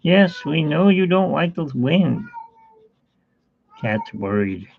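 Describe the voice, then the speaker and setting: A man's voice: a little high, big pitch swings, slow, gravelly, narrow, tinny audio, slight background noise. A man chatting casually during a home art livestream, rambling and talking fondly to his cat. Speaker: artist streaming a painting session. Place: home studio.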